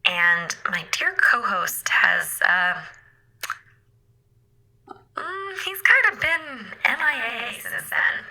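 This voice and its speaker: A wry, chatty female co-host in an audio drama. Her voice is very bright and sharp, and her delivery is unhurried with plenty of pitch movement. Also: big pitch swings, heavily acted, poor audio. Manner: wry, conversational.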